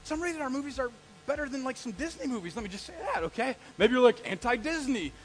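A man, a pastor, preaching a live sermon, telling stories in an animated way and asking the congregation questions. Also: very high-pitched, quick pace, rough recording.

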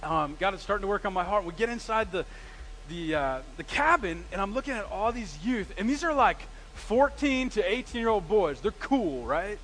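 A middle-aged preacher, his voice sitting a little high for a man. He tells a story to his congregation, acting out the quoted lines and swinging between soft and loud. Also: moderate pace, slight background noise, low-quality recording. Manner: animated, acts out quoted lines with big swings in loudness. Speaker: pastor. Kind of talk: sermon storytelling.

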